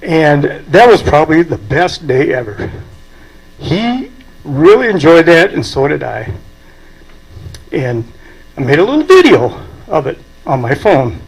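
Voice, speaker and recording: Delivering a eulogy at a memorial, an older aviation club president tells folksy tales and chuckles at them. His voice leans high and sing-song, measured in pace, creaky with a breathy edge. The recording is rough.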